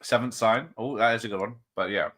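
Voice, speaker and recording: A man's voice: fairly low pitch, fairly quick, a bit bright. A man hosting a film watch party, chatting casually, rattling off film titles and laughing often. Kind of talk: casual chat.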